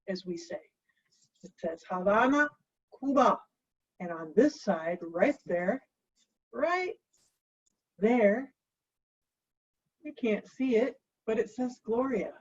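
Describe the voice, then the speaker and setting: A woman hosting a home cocktail show in a playful, chatty way, making jokey asides to herself and the viewers, with a husky voice. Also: fairly high pitch, a little slow, long pauses, darkish tone, recorded from a distance, lo-fi sound.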